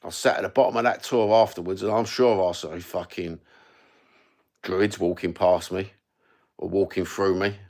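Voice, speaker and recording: Middle-aged Cockney man, gravelly and low, sweary livestream storyteller. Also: steady tone, moderate pace, darkish tone. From East London, England. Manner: sweary, rambling, matter-of-fact. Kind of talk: rambling storytelling.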